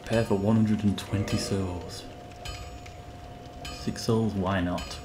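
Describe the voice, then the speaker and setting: Playful let's-play gamer, lowish voice, chatty asides. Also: male voice, steady tone, slow pace, noisy background. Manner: playful, talks to characters in the game.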